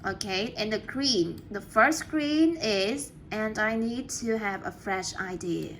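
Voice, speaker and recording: A woman teaching an English class, patient and encouraging, giving clear step-by-step instructions. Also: mid-range voice, takes it slowly, fairly bright tone, a little hiss or hum.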